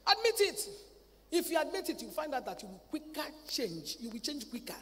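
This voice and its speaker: A woman preaching a sermon at a convention. She talks in a lively way, acts out family dialogue and repeats words. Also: high voice, fairly quick. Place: large convention hall. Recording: reverberant hall, faint ambient noise.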